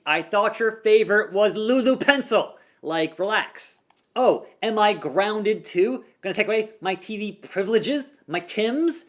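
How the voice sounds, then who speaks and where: A young man playing through a wrestling video game, reading the in-game dialogue aloud and calling the action like a commentator with loud whoops. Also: high-pitched. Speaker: gaming YouTuber. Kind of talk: let's play commentary.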